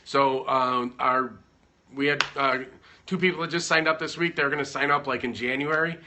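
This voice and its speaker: A man's voice: mid-range voice, fairly even intonation, moderate pace, noisy background. A man chatting casually at home on a livestream, giving business advice in a rambling, joking way. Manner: rambling, self-interrupting, joking.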